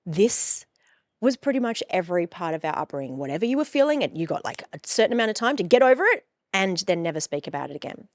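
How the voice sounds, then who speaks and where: Brief: blunt woman, forties, lowish voice, dry close recording. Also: big pitch swings, quick pace, no room sound. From Australia. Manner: frank, emphatic, swears freely. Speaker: coach and podcast host. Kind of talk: personal storytelling.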